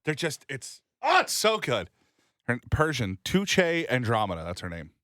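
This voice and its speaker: Young guy cohosting a podcast, goofy and animated, pitch all over the place, dry close mic. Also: a little slow, dry recording. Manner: animated, jokey, with big jumps in pitch. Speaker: co-host. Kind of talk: casual podcast chat.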